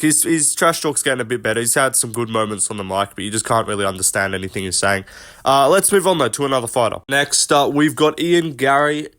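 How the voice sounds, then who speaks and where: A man's voice: mid-range voice, a bit bright. A man giving casual, profane commentary as he ranks fighters, with lots of fillers in his talk. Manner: loose and profane, full of fillers. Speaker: MMA commentary YouTuber.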